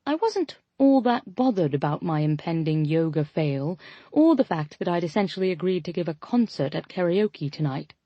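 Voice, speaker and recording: A woman narrating a romance audiobook in first person, with a wry, animated storytelling manner. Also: lowish voice, moderate pace, dry recording. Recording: dry, slightly dull lo-fi audio.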